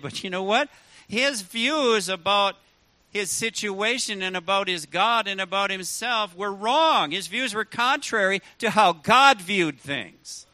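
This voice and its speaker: High, bright-voiced pastor preaching. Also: male voice, dry recording. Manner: emphatic, rhetorical questions to the congregation. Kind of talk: sermon.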